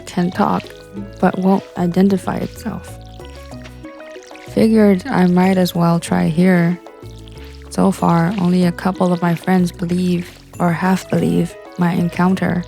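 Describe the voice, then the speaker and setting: A woman narrating stories in a calm, soft, even bedtime reading style. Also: on the low side, gravelly. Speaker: story narrator.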